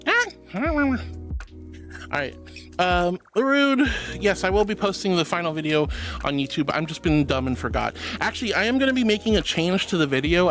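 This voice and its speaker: A woman streamer chatting casually with her viewers, playful and melodramatic, with frequent giggles. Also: lowish voice. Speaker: VTuber streamer. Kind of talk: casual livestream chat reading messages.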